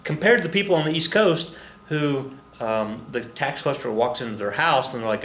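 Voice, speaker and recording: A man's voice: mid-range voice, fairly quick, a bit bright, roomy sound, a little hiss or hum. A man teaching a casual recorded history lesson, rambling and jokey, muttering to himself and acting out the people he quotes.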